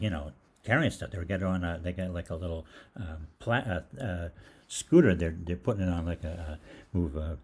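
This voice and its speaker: A man's voice: low voice, breathy edge. An older man rambling through a funny personal story in a casual monologue, acting out both sides of the conversation. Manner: rambling, animated, acts out both sides of the dialogue. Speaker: holistic doctor telling stories.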